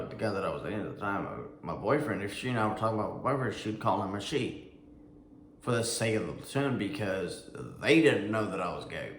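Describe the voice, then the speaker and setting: A man's voice: on the low side, a little hiss or hum. A man who served in the Army, casually telling a personal story in a rambling way, with lots of fillers, restarts and some swearing. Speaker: Army veteran vlogger. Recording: echoey room with faint ambience.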